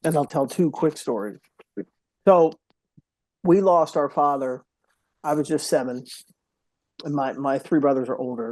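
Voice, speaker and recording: Middle-aged male podcast guest; earnest, heartfelt storyteller with a warm, mellow tone, dry recording. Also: medium pitch, dry recording. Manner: earnest, emotional storyteller, drops to a hushed voice at moments. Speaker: podcast guest, mental health speaker. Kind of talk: personal storytelling in an interview.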